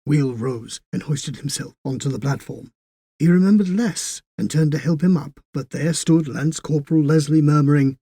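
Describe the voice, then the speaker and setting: A man reading a horror story in a measured, even way. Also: a little high, husky, dry recording, studio quality. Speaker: story reader. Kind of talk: scripted horror fiction narration.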